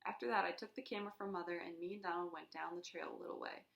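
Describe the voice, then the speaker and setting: A woman reading a children's chapter book aloud in an expressive way, acting out the sound effects. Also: on the low side, rapid-fire, gravelly, roomy sound, highs cut off. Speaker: reader.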